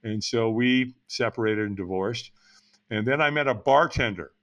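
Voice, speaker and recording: A man's voice: medium pitch, moderate pace, a bit bright. A man in his sixties telling his life story as a podcast guest, frank and blunt with casual swearing. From United States. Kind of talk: candid personal storytelling.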